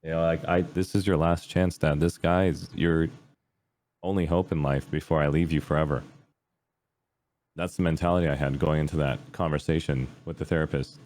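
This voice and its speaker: A man's voice: very deep voice, fairly even intonation, moderate pace, a little mellow. A man, a streamer guest on a podcast, telling a personal story in a candid, earnest casual way, trailing off with fillers.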